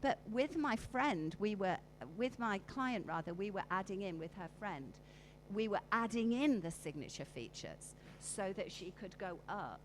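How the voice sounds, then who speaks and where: A woman's voice: medium pitch, animated, unhurried, hardly any pauses, slight background noise, rough recording. A woman giving a live workshop talk, coaxing her audience through exercises and acting out emotions with her voice. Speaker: conference speaker. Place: conference hall.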